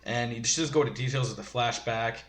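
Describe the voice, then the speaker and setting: A man's voice: mid-range voice, fast talker, fairly bright tone. A man giving a rambling, casual episode recap, full of fillers and chuckling asides. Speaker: show reviewer. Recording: roomy echo.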